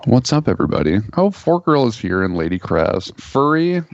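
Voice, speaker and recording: A young man talking casually as a guest over a video call, relaxed and joking, with plenty of ums and pauses. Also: low voice, no room sound. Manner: laid-back, joking, hesitant with fillers. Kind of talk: casual chat. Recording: muffled video call audio.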